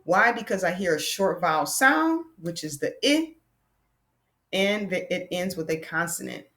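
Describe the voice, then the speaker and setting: A woman teaches a phonics lesson at a slow, deliberate pace, with a somewhat low voice. She sounds out words patiently and addresses the children directly. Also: big pitch swings, a bit bright.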